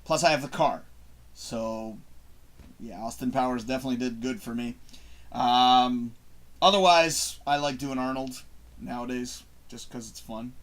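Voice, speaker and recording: A man's voice: mid-range voice, measured pace, fairly bright tone. A man hosting a casual live stream, reading out viewer questions and answering in a loose, profane, rambling way with frequent laughs.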